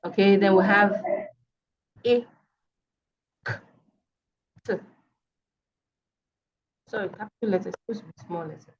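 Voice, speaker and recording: A woman with a Nigerian English accent tutoring students over a video call, patient and repeating each word slowly. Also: medium pitch, husky. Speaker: online tutor. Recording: dull lo-fi video call audio.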